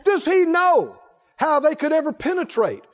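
A man preaching a sermon, asking the congregation question after question in a folksy, animated way. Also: extremely high pitch, moderate pace. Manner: folksy, laughs between points. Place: church. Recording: echoey hall reverb.

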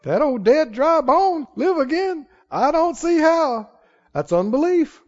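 A man preaching a sermon in a church, acting out the quoted voices of others and rising to shouts of conviction. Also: very high voice, takes it slowly. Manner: animated, acts out quoted voices, rises to shouts. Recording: reverberant hall, dull lo-fi sound.

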